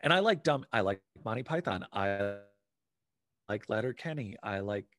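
Rambling, animated man in dry close-up. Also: fairly low pitch, normal speed, dry recording. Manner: rambling, animated, swears casually. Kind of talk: casual chat.

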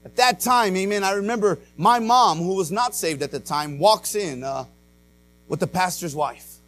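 A male pastor preaching a dramatic personal testimony, swinging between loud and hushed, with many "uh" and "amen" fillers. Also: high voice, normal speed. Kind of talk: sermon.

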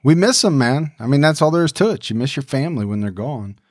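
A man's voice: medium pitch, lively intonation, quick pace, no room sound, studio quality. A middle-aged man co-hosting a podcast, chatting in an upbeat, friendly way. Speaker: podcast co-host. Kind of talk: casual podcast chat.

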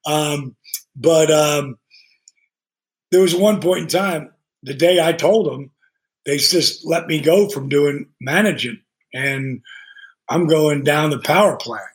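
A man's voice: on the high side, slow, pauses often. A man guesting on a podcast, telling casual stories with lots of swearing and acted-out dialogue. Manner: animated, swears freely, acts out dialogue. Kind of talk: casual storytelling.

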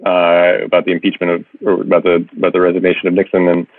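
A man's voice: deep voice, completely flat delivery, fast talker, dry recording. A man guesting on a podcast in casual chat, talking with many hesitant restarts. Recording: tinny phone-like line, dry.

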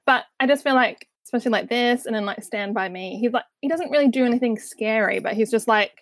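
A woman's voice: fairly high pitch, fast talker, dry recording. A woman co-hosting a movie podcast, chatty and giggly, with lots of fillers. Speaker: podcast co-host. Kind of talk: casual movie discussion.

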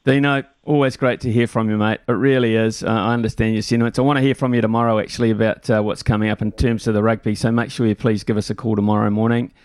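A New man hosts talkback radio, taking callers in a loose, chatty way full of fillers. His voice is smooth and resonant. The studio sound is close and dry. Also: lowish voice, quick pace, few pauses, dry recording. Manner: relaxed, chatty, frequent fillers.

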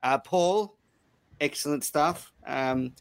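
A man hosting a casual cricket podcast, talking in a relaxed, chatty way with plenty of fillers. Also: on the high side, slow pace, clear, resonant tone, no echo. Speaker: podcast host.

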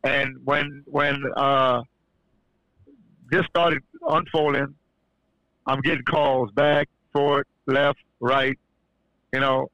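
A man tells a religious testimony in a bright, pressing voice. He stumbles over restarts and then rises into fervent emphasis. The recording is dry and dull, with a lo-fi sound. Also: fairly high pitch, dry recording. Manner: halting, many restarts, builds to fervent emphasis. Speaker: podcast guest sharing testimony. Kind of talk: casual church-style testimony.

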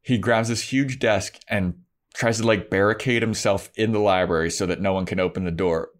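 Young dude podcast cohost, kinda low voice, super animated retelling. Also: male voice, moderate pace. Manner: animated retelling, acts out characters' lines. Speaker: podcast co-host. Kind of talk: casual recap chat.

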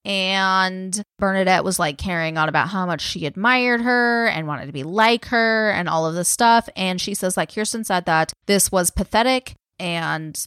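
A woman's voice: medium pitch, moderate pace, few pauses, fairly bright tone, smooth, dry recording. Woman podcast co-host, casual true-crime storyteller, loose and chatty with lots of fillers, mid-range voice, dry close sound. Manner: chatty, filler-heavy, swears freely.

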